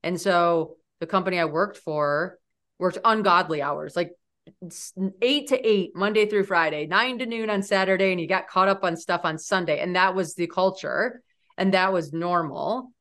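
A woman in her forties, a guest on an interview podcast, telling stories in an animated, lively way. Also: fairly low pitch, normal speed. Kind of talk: storytelling in an interview.

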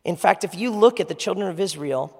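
A man's voice: high voice, animated, fairly quick, vocal fry, a little mellow. A man preaching a conversational sermon as pastor, asking the audience questions. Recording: long reverb of a large hall.

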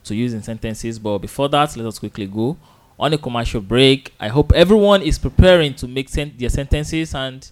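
Patient radio Arabic teacher. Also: male voice, medium pitch. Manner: patient, repeats words slowly for drilling, chuckles often. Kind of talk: live radio language lesson.

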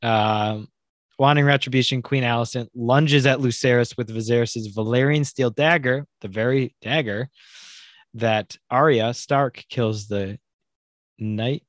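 A man recaps a fantasy drama in a loose, excitable ramble, full of asides and quick laughs. His voice sits at an ordinary middle pitch, and the recording is dry and close with no room sound. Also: no room sound. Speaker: podcast co-host. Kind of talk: casual show recap chat.

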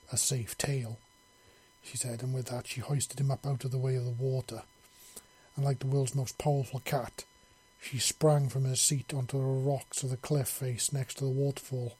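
A man narrating an audiobook story in a steady storytelling manner. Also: mid-range voice, breathy edge.

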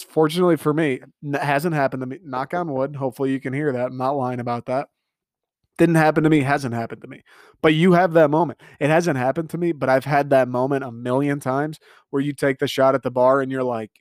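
A young man delivering an animated comedic rant monologue, exasperated and laughing at his own jokes. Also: mid-range voice, brisk, no echo, studio quality.

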